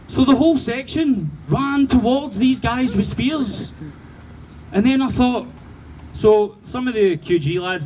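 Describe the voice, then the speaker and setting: A man with a Glaswegian accent doing sweary, animated stand-up storytelling and laughing through his punchlines. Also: very high-pitched, moderate pace, a crowd in the background, rough recording. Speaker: stand-up comedian.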